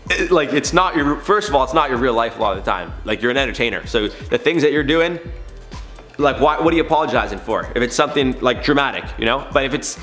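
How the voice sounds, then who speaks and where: A man's voice: mid-range voice, animated, quick pace, bright, forceful tone, soft background music. A man hosting a casual online news commentary show, chatty and opinionated as he talks through the story. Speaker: YouTube news commentary host.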